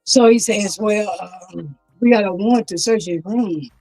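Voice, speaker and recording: A woman's voice: mid-range voice, moderate pace, warm tone, faint music behind, poor audio. A woman telling of her son's death in a plain, storytelling way, acting out what the police said to her. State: grieving, voice rising with distress. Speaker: guest, grieving mother. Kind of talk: personal testimony in an interview.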